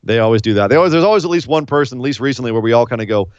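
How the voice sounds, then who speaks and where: Smooth-voiced man recapping wrestling casually. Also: medium pitch, expressive, rapid-fire, no echo. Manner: rambling, playful, fond of doing impressions. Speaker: podcast co-host. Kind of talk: casual chat and event recap. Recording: slightly dull lo-fi sound.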